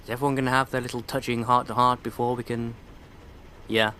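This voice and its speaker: A man's voice: mid-range voice, flat delivery, quick pace, pushed and bright, slight background noise. Sarcastic male game commentator. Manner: sarcastic, irreverent, mocking asides. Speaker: let's play commentator. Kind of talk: casual gameplay commentary.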